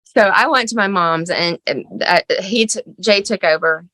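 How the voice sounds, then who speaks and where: A middle-aged woman telling the story of her son's crisis as a mother, shaken and halting, with many fillers. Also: mid-range voice, bright, forceful tone, no room sound. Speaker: mother of a teen son. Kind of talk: emotional personal account.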